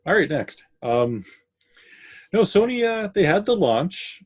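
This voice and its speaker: A man from Canada co-hosting a casual gaming podcast, always ready with a joke or a silly aside. His voice is animated, with pitch jumping widely as he talks. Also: slow pace, breathy edge. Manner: joking, playful, makes silly noises. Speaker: podcast co-host. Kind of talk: casual chat.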